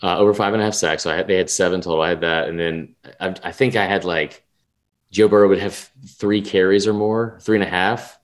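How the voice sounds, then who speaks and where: A young man with a fairly low voice chats loosely on a sports podcast. He rambles and swears, restarting his sentences and filling gaps with "like" and "um." His energy swings up when something excites him. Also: a little fast. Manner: rambling, profane, lots of restarts and fillers. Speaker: podcast co-host. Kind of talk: casual sports betting chat.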